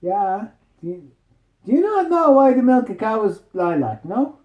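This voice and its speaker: A man's voice: high voice, very animated, moderate pace, roomy sound, dull audio, pitched above the performer's own voice. A man voicing a boastful, rambling friendly man in a made-up bedtime story. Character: boastful friendly Irish man, rugby fan.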